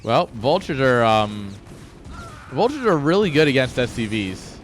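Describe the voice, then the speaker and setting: A man casts a strategy game on a live stream in a very animated, mid-range voice, speaking a little slowly over slight background noise. He rambles off-topic, tossing in joking asides and chuckling at his own expense.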